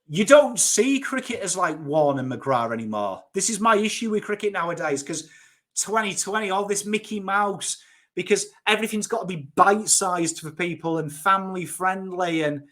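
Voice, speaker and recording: A man's voice: a little high, a bit bright. A man in his thirties with a Yorkshire accent, chatting casually and enthusiastically about cricket, blunt and a bit sweary. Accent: Yorkshire English. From Northern England. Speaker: cricket YouTuber. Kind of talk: casual chat.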